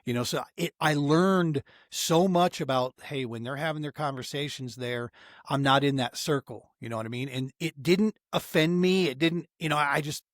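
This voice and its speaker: A man's voice: on the high side, animated, moderate pace, no room sound, studio quality. A middle-aged man telling a heartfelt story as a podcast guest, earnest and emotional, often saying "man" and restarting his sentences. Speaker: podcast guest, outdoor therapy founder. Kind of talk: casual storytelling in a podcast interview.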